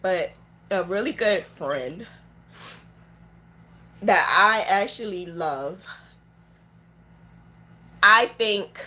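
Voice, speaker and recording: A woman with children, an adult small business owner, gives a heartfelt motivational vlog talk, mentoring viewers earnestly and emotionally about running her business. Her voice is medium-pitched and a bit bright.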